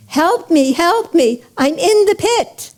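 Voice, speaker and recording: A woman's voice: a little high, expressive, normal speed, gravelly, mellow, husky, heavily acted. A woman voicing a desperate man stuck in a pit, pleading with rising urgency in a raised voice.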